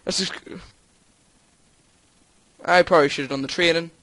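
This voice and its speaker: A man's voice: fairly high pitch, fairly even intonation, moderate pace, a bit bright, no echo. A man commentating his own gameplay, frustrated, swearing often and laughing at his failures. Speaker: gaming channel host.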